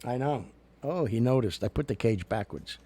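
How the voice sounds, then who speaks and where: A man's voice: medium pitch, lively intonation, moderate pace, warm tone, husky. A man hosting a casual talk show, chatting in a loose, jokey way with an American accent and lots of fillers. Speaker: show host.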